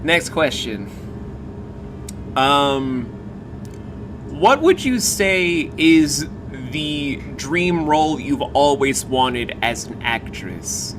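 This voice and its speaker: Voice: medium pitch, expressive, extremely slow, background noise. A podcast host interviewing a guest in casual chat, joking and drifting into tangents. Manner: jokey, goes off on tangents.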